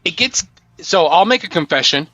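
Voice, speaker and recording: A man's voice: high-pitched, lively intonation, normal speed, pushed and bright, lo-fi sound, slight background noise. A man co-hosting a comedy podcast, teasing and giggling, often stammering. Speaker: podcast co-host. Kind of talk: comedic banter.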